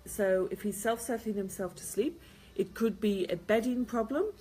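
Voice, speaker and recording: A woman's voice: medium pitch, moderate pace, warm tone, husky. A woman host answering viewers' questions on baby sleep, giving practical advice and repeating key points. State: tired, yawning.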